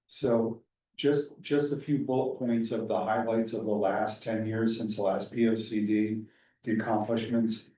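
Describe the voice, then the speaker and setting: Flat-voiced man at a town meeting. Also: on the low side. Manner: even, measured, some restarts. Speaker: commission member. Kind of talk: public meeting discussion. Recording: roomy, distant meeting audio.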